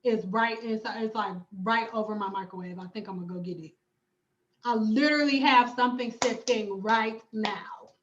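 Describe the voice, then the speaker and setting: A woman's voice: on the high side, moderate pace, dull audio, a little hiss or hum. A woman, hosting a casual hair-care livestream from home and reading viewer comments, sassy, emphatic and profane. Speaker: hair stylist and cosmetologist vlogger.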